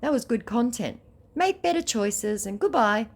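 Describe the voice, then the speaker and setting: A woman's voice: fairly high pitch, expressive, moderate pace, creaky. A woman recapping a chat with a scammer in a sarcastic, teasing way. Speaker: scam baiter.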